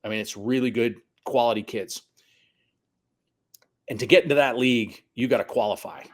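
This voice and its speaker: A middle-aged man, a high school soccer coach, telling stories in a casual conversation, acting out quotes and cursing now and then. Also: moderate pace. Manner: animated storyteller, acts out quotes, swears.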